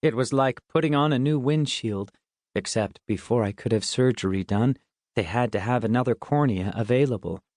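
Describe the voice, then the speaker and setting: A man's voice: mid-range voice, normal speed, darkish tone, no echo, studio quality. A man reading a first-person middle-grade audiobook in a wry, conversational way. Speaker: audiobook narrator.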